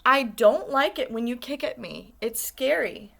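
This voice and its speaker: A woman's voice: a little high, expressive, unhurried, vocal fry, bright, forceful tone, full character voice. A woman reading aloud the lines of a young female earthworm standing up for herself in a storybook. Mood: firm. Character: young female earthworm, hurt but brave.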